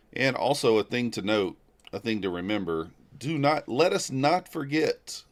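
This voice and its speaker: A man streaming live futures trading, talking casually and thinking aloud as he reads the charts and greets viewers. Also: on the low side. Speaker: livestreaming futures trader. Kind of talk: live market commentary.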